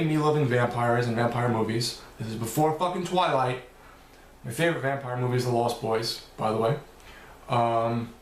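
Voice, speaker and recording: A man's voice: mid-range voice, roomy sound, a little hiss or hum. A man answering viewer questions in a loose, rambling vlog, swearing now and then. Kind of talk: casual Q&A vlog.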